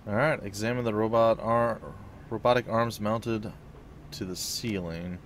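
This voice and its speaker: A man's voice: lowish voice, fairly even intonation, a little slow, slight background noise. A man hosting a let's play, reading the game's narration aloud and dropping in casual asides.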